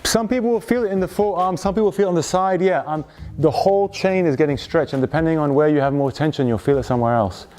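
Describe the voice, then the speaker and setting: A man guiding a group through slow shoulder stretches and breathing, calm and instructive, often checking in with questions. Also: a little high. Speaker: movement coach.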